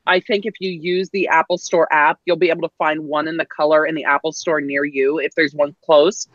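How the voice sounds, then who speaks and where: A woman's voice: deep voice, fairly even intonation, brisk, no echo, lo-fi sound. A woman co-hosting a tech live stream, chatting casually and enthusiastically, teasing the others. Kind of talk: casual chat.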